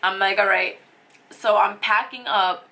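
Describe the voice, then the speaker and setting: A woman's voice: medium pitch, steady tone, a little slow, bright, forceful tone. A young woman telling a personal story on her vlog, emotional and rambling with lots of fillers. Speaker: vlogger.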